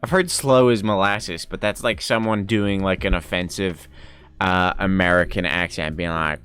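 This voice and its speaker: Over soft background music, a young streamer with a deep, steady, clean and fairly bright voice chats casually with his viewers. He responds to their messages in a rambling, playful way, laughing easily and bickering in jest.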